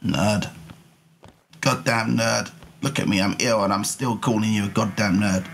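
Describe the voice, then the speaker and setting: A young man streaming a game with commentary, hoarse from illness, goofy and quick to shrill yelps. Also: steady tone, a bit bright, a little hiss or hum.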